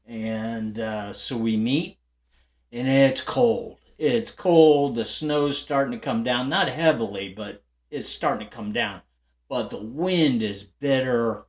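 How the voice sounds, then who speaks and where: An older man at a middle pitch chats to his viewers like an old friend. His story wanders, with fillers and restarts, and he often breaks into light laughs as he goes. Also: unhurried. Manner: rambling, chatty, lots of fillers and restarts. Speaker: guitar channel host.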